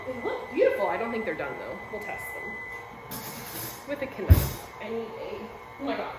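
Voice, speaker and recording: A young woman talks her way through baking in a home kitchen, excitable and laughing at her own mess. Her voice sits a little high and swings lively up and down. The kitchen gives it a noticeable echo. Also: measured pace, over loud music. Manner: chatty, excitable, self-mocking. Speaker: vlogger. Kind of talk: casual cooking vlog.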